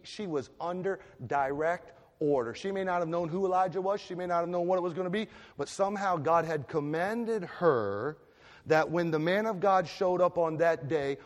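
A man preaching a sermon as pastor, building into loud, impassioned, repeated declarations. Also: fairly high pitch. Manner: impassioned preaching that swells to loud emphatic repetition. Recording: long reverb of a large hall.

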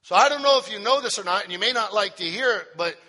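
Guy preaching slow and emphatic, high bright voice, big echoey church sound. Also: lively intonation. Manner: slow, emphatic delivery with drawn-out phrases. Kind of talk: sermon. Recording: long hall reverb.

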